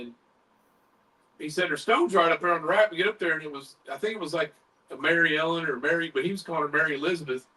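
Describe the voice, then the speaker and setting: A man's voice: fairly high pitch, far from the mic, low-quality recording. A man hosting a paranormal talk stream, telling a story in casual chat and acting out what others said, with the odd swear. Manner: animated, retells others' words in quotes, swears casually. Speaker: paranormal podcast host.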